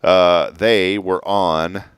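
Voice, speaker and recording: A man's voice: low voice, drawn-out words, smooth, no echo, studio quality. A man hosting a morning show, chatting casually and joking as he reads listener comments. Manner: jokey, animated, laughs while reading listener comments. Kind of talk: casual chat.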